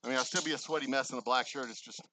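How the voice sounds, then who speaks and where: A Texan-accented distillery owner vlogs casually from a construction site, talking viewers through a framing job and thinking aloud with self-deprecating asides. His mid-range voice stays fairly even and very fast, picked up by a camera mic moving around off camera amid background noise.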